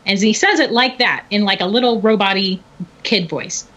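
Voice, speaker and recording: A middle-aged woman telling a story in casual chat, animated and often laughing. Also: mid-range voice, normal speed. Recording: dull lo-fi recording.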